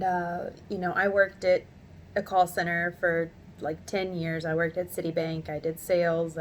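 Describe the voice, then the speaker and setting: A woman in her thirties telling a story to camera in a chatty, animated way from her home office, laughing often. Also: lowish voice, a little hiss or hum. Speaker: vlogger.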